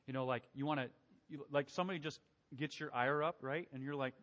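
A pastor delivers a conversational sermon in a quick, mid-range voice that's a bit bright. As he works through scripture, he keeps asking the congregation questions, and the recording carries a long hall reverb.

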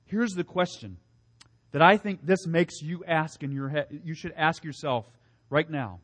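A male pastor preaches with earnest emphasis and builds his points through rhetorical questions and repetition. His voice sits fairly high for a man. He drops low and soft for weight, then pushes up again. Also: measured pace. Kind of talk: sermon.

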